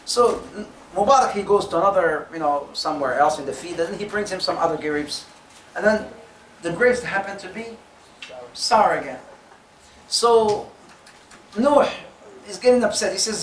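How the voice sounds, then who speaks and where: High-voiced man, storytelling to youth, echoey hall, a bit far from the mic. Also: moderate pace, slight background noise. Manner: animated, acts out quotes, jokes with audience. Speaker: youth program speaker. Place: community center hall. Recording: echoey room mic from a distance.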